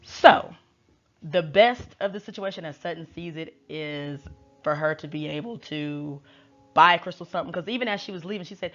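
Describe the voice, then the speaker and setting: A woman's voice: deep voice, normal speed, a bit bright. A woman tarot reader recapping in a chatty, slangy and wry casual way. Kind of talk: casual chat. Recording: dull lo-fi recording.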